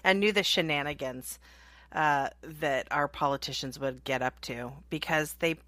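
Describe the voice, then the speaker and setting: A woman co-hosting a morning talk radio show, quick and wry with joking asides. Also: sits low, bright, forceful tone, no echo. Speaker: radio co-host. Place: radio studio. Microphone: studio microphone.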